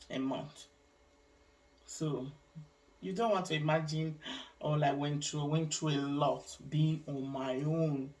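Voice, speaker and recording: Emotional woman, distant from mic. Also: low voice. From Nigeria. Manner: emotional, halting, with frequent restarts and religious asides. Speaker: vlogger sharing her life story. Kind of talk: personal testimony vlog.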